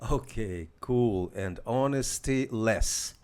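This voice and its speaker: A man's voice: lowish voice, takes it slowly, a little mellow, clear, resonant tone. A man hosting a casual live demo, hesitant, with many fillers and restarts while talking to viewers. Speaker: tech demo host.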